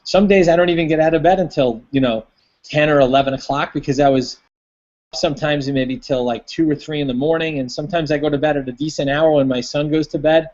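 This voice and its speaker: A man's voice: a little high, steady tone, fairly quick, a little mellow, dull audio. A man giving a rambling motivational talk as host of an online hangout, full of fillers and folksy stories. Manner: rambling, filler-heavy, tells a folksy story.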